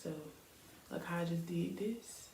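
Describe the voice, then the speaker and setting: A young woman chats in a rambling, easygoing way, full of fillers, while styling her hair for the camera. Her voice sits a little low and sounds mellow. The room around her is echoey with a faint hiss behind it. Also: unhurried. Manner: chatty, rambling, lots of fillers. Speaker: beauty vlogger.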